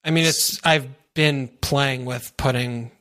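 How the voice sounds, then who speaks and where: A tired man co-hosting a casual podcast, speaking at a mid pitch. His voice is bright, and his delivery is easygoing and filled with "yeah" and "you know". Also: fairly even intonation, slow pace. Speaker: podcast co-host. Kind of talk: casual chat.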